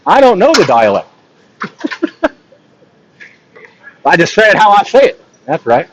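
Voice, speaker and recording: A man calls a ball hockey game by himself, his fairly high voice swinging up and down as the action builds. He jokes and chats between plays. The stream audio is a bit dull, with faint noise under it. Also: measured pace. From not from Texas. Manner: excitable, joking, rises in pitch on big plays. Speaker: play-by-play commentator. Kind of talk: solo live sports commentary with chat asides.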